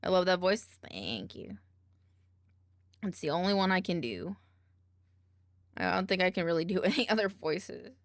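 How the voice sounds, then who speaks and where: A woman's voice: fairly low pitch, lively intonation, moderate pace, creaky, long pauses, no room sound, studio quality. A woman streamer chatting casually and mumbling to herself while she edits videos.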